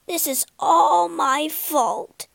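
A woman voicing an impulsive, emotional wooden puppet boy who cries out his lines high and excitedly. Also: very slow, vocal fry, dry recording, heavily acted. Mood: distraught.

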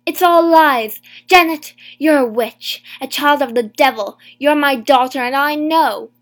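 A woman reading an audiobook who voices an accused mother, a furious, desperate woman shouting angrily. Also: high-pitched, measured pace, voice pushed up.

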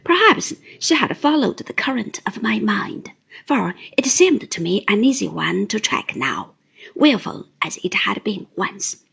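A woman narrating a classic novel in the first person in a slow, hushed, whispery reading. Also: medium pitch, very animated, creaky, husky.

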